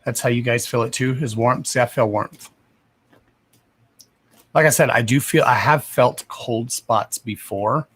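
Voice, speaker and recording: A man's voice: medium pitch, unhurried, pauses often, fairly bright tone, slightly rough. Young guy doing a psychic livestream, chatty and cussing, laughs a lot, answers viewers by name. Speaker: psychic reader hosting a livestream. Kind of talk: casual livestream chat with viewers.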